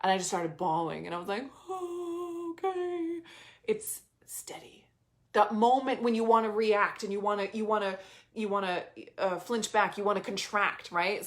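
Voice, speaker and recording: Speaking in a mid-range voice, a woman in her thirties works as a business coach and delivers a relaxed motivational talk, driving points home by repeating phrases and dropping casual swear words.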